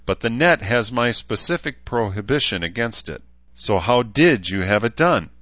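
A man's voice: medium pitch, animated, moderate pace, fairly bright tone, no room sound, highs cut off, pitched above the performer's own voice, close to an everyday voice. A man voicing a stern, coldly professional mother, clipped and disapproving.

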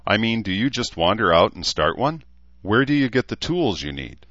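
Reader doing a young man: steady, practical, lightly raised voice, muffled dry read. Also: fairly low pitch, moderate pace, no room sound, pitched above the performer's own voice. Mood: thoughtful.

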